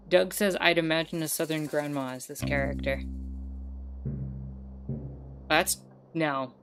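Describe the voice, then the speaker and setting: A woman's voice: low-pitched, fairly even intonation, normal speed, long pauses. A woman streamer chatting casually and self-mockingly while playing a game. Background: guitar music.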